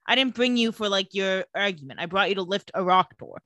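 A woman co-hosting a casual podcast, recapping an episode and acting out the characters' lines with animated storytelling. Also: medium pitch, fairly quick, dry recording. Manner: animated storytelling, acts out quotes. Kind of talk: casual chat.

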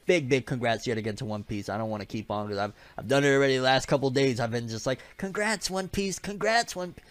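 Young man, casual vlog commentary, slangy, animated, mid-range voice, dry room. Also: mid-range voice, fast talker, no room sound. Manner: animated, slangy, joking asides. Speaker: anime and manga news vlogger.

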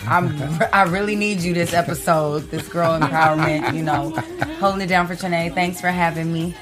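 A woman's voice: lowish voice, fairly even intonation, moderate pace, loud music behind the voice. A woman panelist on a chat show, wry and teasing. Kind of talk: casual chat.

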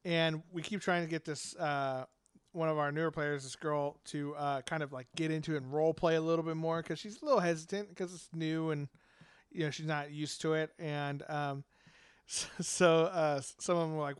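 Man, casual podcast chat, rambling, fillers and laughs, smooth clear voice, dry close sound. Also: fairly high pitch, fairly even intonation, moderate pace, no room sound. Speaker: podcast host and game master.

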